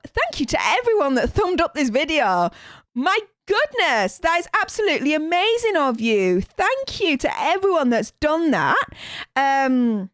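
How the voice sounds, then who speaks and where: A woman's voice: high voice, no room sound, clean studio sound. A woman with a Northern English accent hosting a live stream from a home room, chatting and gushing with thanks, full of fillers. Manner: gushing, excitable, many fillers. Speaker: livestream host. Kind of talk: live reaction stream chat.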